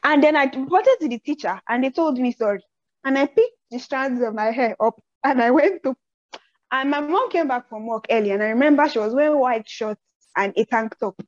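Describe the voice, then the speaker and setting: High-voiced Nigerian woman telling stories. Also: fairly quick, no echo. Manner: animated storyteller who acts out quotes. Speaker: podcast host. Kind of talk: casual chat, personal storytelling. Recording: slightly dull, dry audio.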